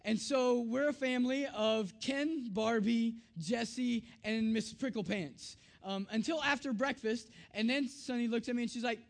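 A man preaching in a storytelling style, acting out family dialogue with animated voices and dropping soft and low on tender, reflective lines. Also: moderate pace, vocal fry, few pauses. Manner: animated, acts out his daughter's lines in a raised voice. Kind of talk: storytelling sermon.

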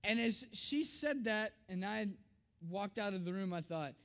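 A man preaching in a storytelling style, acting out family dialogue with animated voices and dropping soft and low on tender, reflective lines. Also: a little slow. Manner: animated, acts out his daughter's lines in a raised voice. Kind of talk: storytelling sermon.

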